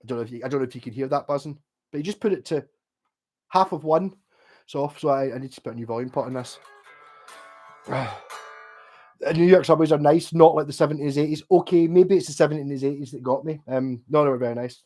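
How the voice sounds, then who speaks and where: A man's voice: a little high, fast, pauses often, warm tone, faint music behind. A Scottish man in his forties chatting casually on a livestream, rambling and swearing as he tells stories and trails off mid-sentence. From Scotland. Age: 40s. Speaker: livestream host. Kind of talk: casual chat.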